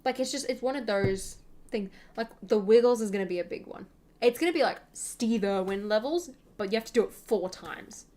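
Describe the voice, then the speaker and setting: A woman's voice: a little high, normal speed, dark tone. A young woman, hosting a gaming channel and chatting casually over gameplay in a rambling way, full of fillers.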